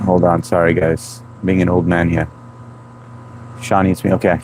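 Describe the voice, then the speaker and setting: A man's voice: sits low, little pitch movement, normal speed, darkish tone, slight background noise. A man in his thirties hosting a live stream, chatting loosely and greeting viewers by name. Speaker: livestream host reading chat. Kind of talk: casual live chat.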